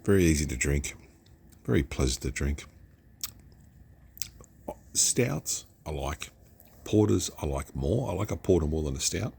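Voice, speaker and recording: A man's voice: very deep voice, lively intonation, measured pace, vocal fry, long pauses, darkish tone, slight background noise. An Australian man chatting casually through a beer review, rambling along and now and then dropping to a whisper.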